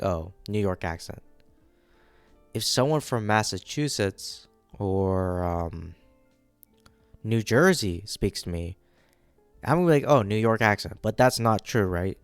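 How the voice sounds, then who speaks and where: A man's voice: lowish voice, animated, measured pace, smooth, no room sound, faint music behind. A man giving casual, rambling commentary on a manga during a live reading, often checking in with the audience. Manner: rambling, keeps checking in with "right?".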